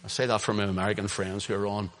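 A man with a Northern Irish accent preaching an impassioned sermon, swinging between loud emphasis and hushed asides. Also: lowish voice, little pitch movement, fast talker. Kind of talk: sermon, streamed online.

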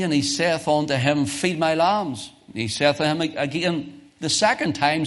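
A man preaching a sermon in a church, reading old-fashioned scripture and putting emphatic questions to the congregation, rising loud on key points and dropping soft to explain. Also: fairly high pitch, animated, moderate pace. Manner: reads scripture in old-fashioned King James wording.

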